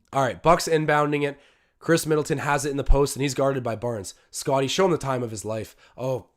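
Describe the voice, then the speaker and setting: A young man hosting a live-stream watch-along, commenting casually on the game, reading the chat aloud and breaking into loud cheers. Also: mid-range voice. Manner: excitable, talks to chat, bursts of loud cheering.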